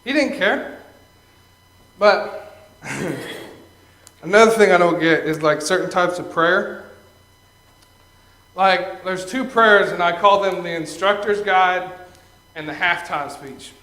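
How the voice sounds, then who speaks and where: Young man, stand-up comic, high-pitched voice, chatty, chuckles at own jokes, acts out characters, echoey room. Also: slow, pauses often, sharp tone. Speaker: stand-up comedian. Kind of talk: Christian stand-up comedy.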